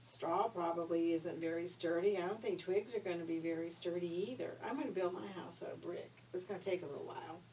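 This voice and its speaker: A woman voicing a sensible, stubborn little male pig who speaks calmly and matter-of-factly. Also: on the low side, brisk, hardly any pauses, close to an everyday voice. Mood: firm. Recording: distant mic, faint hiss.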